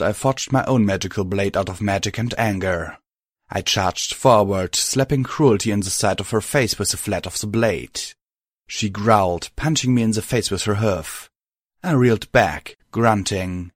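A man reads a first-person story aloud in a steady, matter-of-fact narrating voice. His pitch sits on the lower side, and the recording is close and dry with no room sound. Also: no echo.

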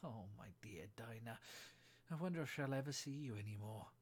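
A man reading aloud and voicing a curious, polite young girl who speaks earnestly and often softly. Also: mid-range voice, lively intonation, moderate pace, vocal fry, slightly rough, exaggerated voice.

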